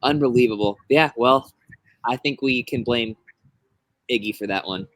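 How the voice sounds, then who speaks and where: A man's voice: medium pitch, moderate pace, dry recording, low-quality recording. Teasing male podcast co-host, dry sound. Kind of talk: casual chat.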